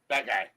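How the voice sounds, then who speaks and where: A man's voice: mid-range voice, rough recording. A man co-hosting a casual podcast chat, telling rambling stories with restarts and swearing. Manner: rambling storyteller with restarts and profanity. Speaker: podcast co-host.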